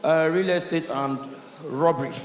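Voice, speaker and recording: A high-voiced man with a Nigerian accent does a stand-up comedy routine, telling his stories in Pidgin. He acts out the characters as he goes. He is heard from far off in a roomy hall with a long echo. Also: moderate pace, a little hiss or hum. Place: live comedy show venue.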